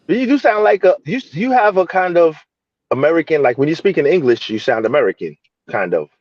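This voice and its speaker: A man with a bouncy, lively pitch jokes around in casual chat, stumbling over repeated words. His audio sounds dry and dull. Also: brisk, dry recording. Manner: joking, repetitive, laughs often.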